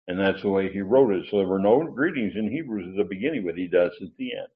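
A man's voice: fairly low pitch, expressive, fairly quick. A man teaching Bible grammar in a lecture, rambling with fillers and restarts, then pressing hard on his key points. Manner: digressive, with many fillers and restarts. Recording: dull, lo-fi sound.

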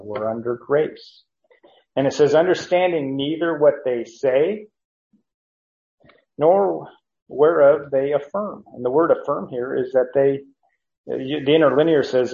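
Slow gravelly man teaching scripture. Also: medium pitch, a little mellow. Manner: slow, halting, many fillers and restarts, chuckles to himself. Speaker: Bible teacher. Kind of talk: verse-by-verse Bible teaching. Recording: dull lo-fi recording.

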